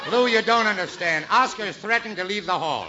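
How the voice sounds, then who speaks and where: A man's voice: high-pitched, a little fast, very noisy. A man hosting a 1940s radio comedy, trading wisecracks and crooning a sentimental song. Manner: wisecracking, sings sentimental ballad. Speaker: comedy show host and singer. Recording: dull old radio broadcast with music.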